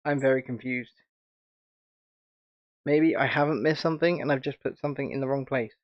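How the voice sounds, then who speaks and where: Here a British man from the United Kingdom hosts his channel's relaxed livestream, chatty, rambling and quick to laugh. He talks at a moderate pace with a medium-pitched voice, and the sound is dull.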